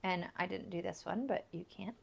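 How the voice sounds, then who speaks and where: A woman's voice: lowish voice, brisk, creaky, husky. A woman giving a recorded phonics lesson, patiently explaining step by step and repeating example words for learners. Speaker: language teacher.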